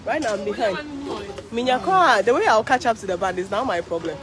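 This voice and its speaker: Ghanaian woman vlogging on a phone out on the street, high voice that jumps all over, worn out from walking. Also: fairly quick, a crowd in the background. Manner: excitable, exclaiming, chatty. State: tired from walking. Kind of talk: live walking vlog. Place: outdoor city street at a parade.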